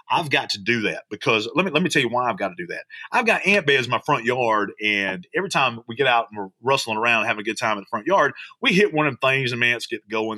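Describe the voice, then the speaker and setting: Male pastor, excitable podcast preacher, husky voice, dry close mic. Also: medium pitch, no echo. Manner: animated, repetitive, preacherly. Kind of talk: podcast sermon.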